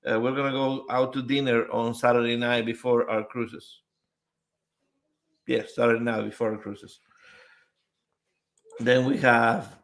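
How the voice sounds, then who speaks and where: A man's voice: mid-range voice, a bit bright. A man hosting a live stream in a casual chat style, greeting viewers one by one and reading out their comments. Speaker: livestream host.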